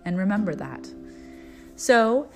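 A middle-aged woman shares a spiritual message in an earnest, storytelling voice that turns preachy. Her pitch sits in the middle range. Faint instrumental music plays quietly under her voice. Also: very animated, takes it slowly. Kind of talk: inspirational spiritual talk.

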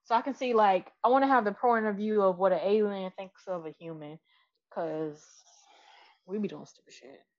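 A woman's voice: mid-range voice, moderate pace, darkish tone, muffled recording. A woman talking loosely and frankly in a casual chat, rambling and swearing freely.

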